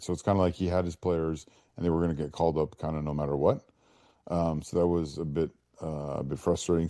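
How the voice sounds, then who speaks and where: A man's voice: low voice, warm tone, no echo, studio quality. A man hosting a casual football chat, rambling and restarting as he reads from his notes. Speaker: host.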